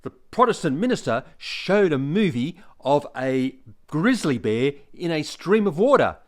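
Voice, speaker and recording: Aussie grandad in his sixties, lively dad-joke teller. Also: on the high side, a little slow. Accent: Australian. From Australia. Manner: chuckles at own jokes, animated delivery. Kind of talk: recorded dad-joke telling.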